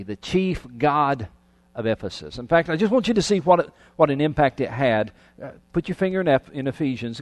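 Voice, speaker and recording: A man preaching a sermon, reading scripture aloud and breaking off into lively, conversational asides. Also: mid-range voice, long reverb tail. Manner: animated, conversational preaching with restarts. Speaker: pastor.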